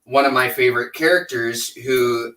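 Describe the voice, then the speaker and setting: A man with a bright, forceful voice at an ordinary pitch, chatting loosely as a vlog host. He rambles, laughs often and restarts his sentences. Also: fairly even intonation, normal speed. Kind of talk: casual chat.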